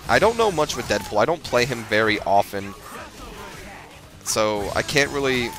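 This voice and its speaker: A man's voice: medium pitch, lively intonation, normal speed, music in the background. A man giving rambling, self-deprecating gameplay commentary, full of fillers and restarts. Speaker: gamer.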